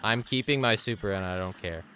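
A man streaming a game live, rambling excitedly to chat, swearing often and making fun of himself. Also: on the low side, fairly quick, a little hiss or hum. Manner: sudden yelps at the game. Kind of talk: casual live-stream chatter.

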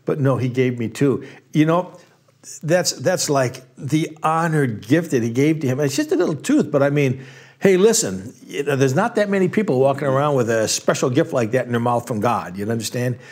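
A man telling a faith story in casual conversation, earnest and halting, getting emotional as he speaks. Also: mid-range voice, lively intonation, a little mellow, slightly rough. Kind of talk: casual testimony.

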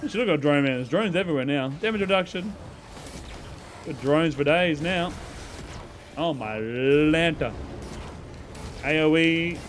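A man's voice: a little high, lively intonation, unhurried, pauses often, slight background noise. A man streaming a video game live, bantering and joking with his chat in a sarcastic, playful way and laughing often.

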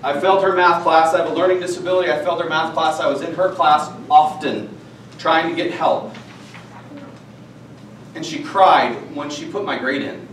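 Presenting a training session to teachers in a school meeting room, a man speaks earnestly and candidly, sharing personal stories as part of a professional development talk. His voice is a little high and a bit bright, with a steady tone at normal speed. The audio is echoey and distant, with faint noise.

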